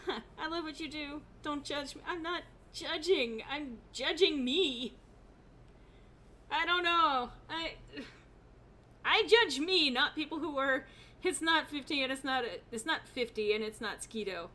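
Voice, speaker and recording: Young woman gaming streamer, bright higher voice, giggly, rambling chat reader. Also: a little slow. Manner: laughs often, reads chat aloud, rambling. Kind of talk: casual live-stream chat.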